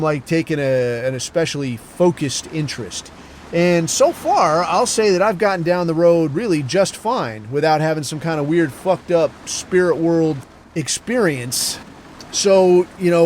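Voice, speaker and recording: Brief: profane male podcast host, rambling storyteller, slightly high voice, faint traffic outside. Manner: crude, rambling, heavy swearing, deadpan asides. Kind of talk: profane casual storytelling monologue.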